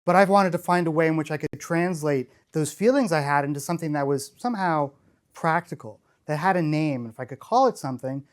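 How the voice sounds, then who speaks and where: A man's voice: fairly high pitch, a little fast, clean tone. Enthusiastic middle-aged man telling stories on stage. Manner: enthusiastic, rambling, frequent restarts. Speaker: conference speaker. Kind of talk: storytelling keynote talk.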